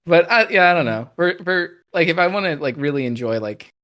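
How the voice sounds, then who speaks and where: A man's voice: on the high side, expressive, brisk, a bit bright. A man co-hosting a podcast in casual chat, laid-back and swearing casually. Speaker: podcast co-host.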